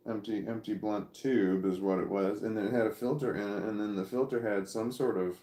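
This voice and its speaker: A middle-aged man chatting casually on a livestream from home, reading viewers' comments aloud and rambling with halting restarts. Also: lowish voice, steady tone, mellow, roomy sound.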